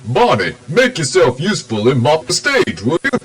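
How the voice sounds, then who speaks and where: A man's voice: a little high, wildly swooping pitch, moderate pace, recorded from a distance, heavy background noise. A man voicing a bossy male animatronic band leader who gives orders in a commanding tone. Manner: commanding, orders others around.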